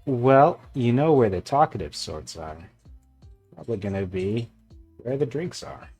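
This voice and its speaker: A man's voice: medium pitch, sing-song, measured pace, a little mellow, slightly rough. A man running a tabletop game as game master, talking in an easygoing, rambling way with plenty of fillers. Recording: faint background music.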